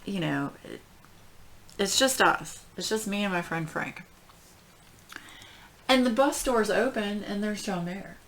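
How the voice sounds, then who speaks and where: A middle-aged woman telling a story at home in casual chat, rambling and animated, with many fillers. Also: medium pitch, slow, long pauses. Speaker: crafting channel host.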